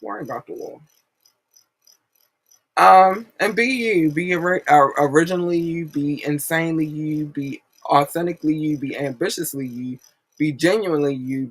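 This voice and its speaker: A woman's voice: sits low, slightly rough, dry recording, low-quality recording. A woman hosting a podcast, giving a blunt, profane, rambling pep talk in a casual monologue. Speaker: podcast host.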